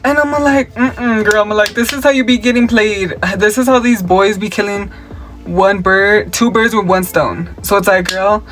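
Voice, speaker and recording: A man's voice: sits high, fairly even intonation, normal speed, fairly bright tone, faint music behind. A young man, chatting casually through a makeup tutorial and story time, sassy and profane, mixing Spanish slang into his English. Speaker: makeup vlogger. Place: at home.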